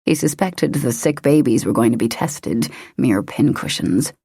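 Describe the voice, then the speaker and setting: A woman narrating an audiobook in a steady, measured reading. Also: rumbling low, husky, no room sound, clean studio sound. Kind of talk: scripted narration.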